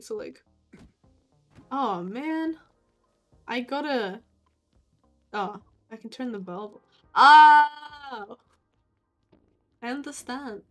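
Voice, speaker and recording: A young woman streaming a game, talking casually and swearing freely, with loud outbursts at enemies. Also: sits high. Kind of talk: casual gameplay commentary. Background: faint game music.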